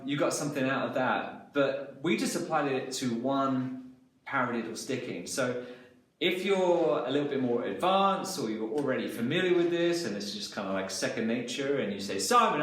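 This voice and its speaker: A man's voice: mid-range voice, fairly bright tone. A man teaching a drum lesson, calling out strokes and hands as he goes. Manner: talks through drum patterns, counting hands aloud. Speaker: drum instructor. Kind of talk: instructional lesson. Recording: echoey room, mic far off.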